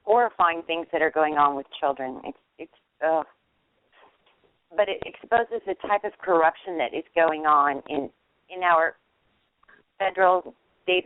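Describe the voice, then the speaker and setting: A woman caller with a smooth, clear voice that comes through a dry, narrow phone line. She speaks with heartfelt intensity and leans on repeated words for emphasis. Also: low voice, normal speed, long pauses, no room sound. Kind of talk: casual call-in chat.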